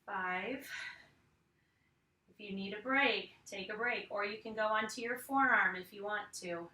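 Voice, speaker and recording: A woman's voice: medium pitch, measured pace, pushed and bright, reverberant, recorded from a distance. A woman fitness instructor leading a home arm workout, counting reps and cueing each move while she exercises along.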